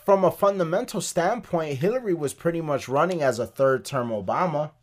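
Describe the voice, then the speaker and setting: A man's voice: on the high side, expressive, brisk. Blunt, profane podcast co-host man. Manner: blunt, profane, says "like" and "you know what I'm saying" often. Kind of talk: casual chat.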